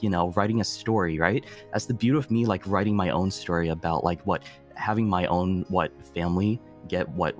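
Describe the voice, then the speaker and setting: Low-voiced rambling young man. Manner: rambling, filler-heavy, laughs often. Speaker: guest streamer. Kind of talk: casual chat over drinks.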